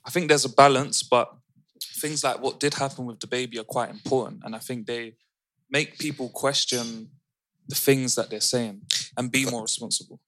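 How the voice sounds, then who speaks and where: Bright-voiced man weighing in on a podcast. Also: mid-range voice, fairly even intonation, moderate pace, rough recording. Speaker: podcast co-host. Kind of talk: casual group chat.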